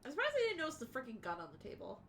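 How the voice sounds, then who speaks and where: A woman's voice: high voice, wildly swooping pitch, very fast, fairly bright tone, heavily acted. Woman reading as an earnest, timid teenage boy. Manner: earnest, eager to please. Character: timid teenage boy, former class punching bag.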